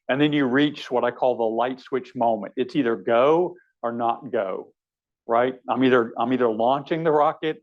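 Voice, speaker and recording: A man's voice: mid-range voice, dull audio. A man, a surgeon, giving a conversational teaching lecture, wry and anecdotal with frequent fillers. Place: lecture hall.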